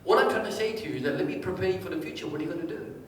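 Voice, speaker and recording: A man giving a live seminar, quizzing the audience and telling anecdotes in a lively way. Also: high voice, rapid-fire, a little hiss or hum. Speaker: motivational speaker. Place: large hall with a live audience. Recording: echoey hall, distant mic.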